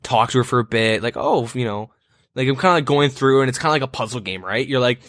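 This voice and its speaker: A man's voice: mid-range voice, quick pace, fairly bright tone, dry recording, clean studio sound. A man co-hosting a podcast, telling a story in casual banter, profane and rambling with lots of fillers. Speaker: podcast co-host.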